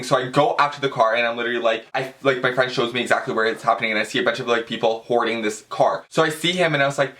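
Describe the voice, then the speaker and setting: In a racing, medium-pitched voice that hardly pauses, a young man excitedly relates a story on his vlog. He is gushing and theatrical like a devoted fan, using "like" constantly and calling his audience "girl."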